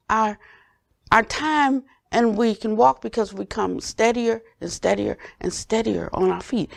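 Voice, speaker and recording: An older woman teacher giving a dharma talk, earnest and gently questioning, often dropping to soft low tones. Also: creaky, no echo, studio quality. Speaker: Buddhist teacher.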